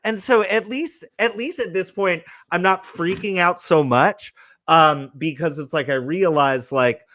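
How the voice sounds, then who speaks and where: At a measured pace and with no echo, a man's high-sitting voice tells a comic story. He's a podcast host in his forties from California, animated and profane, who curses freely and acts out quotes.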